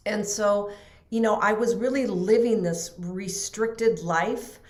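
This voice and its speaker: A woman guest telling a personal story in conversation, animated and full of fillers. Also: medium pitch, slow, echoey room. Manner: animated, acts out quoted voices, many fillers. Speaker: interview guest.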